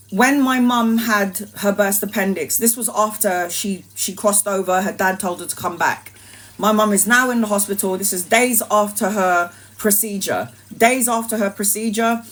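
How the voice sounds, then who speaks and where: A woman's voice: medium pitch, steady tone, normal speed. A woman and tarot reader telling a story in a casual livestream, acting out the voices animatedly.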